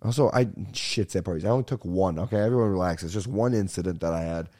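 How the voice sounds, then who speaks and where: Young dude ranting on his podcast, kinda low mellow voice, says dude constantly. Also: quick pace. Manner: animated, swearing, says "dude" a lot. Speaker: podcast host. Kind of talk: casual comedic rant.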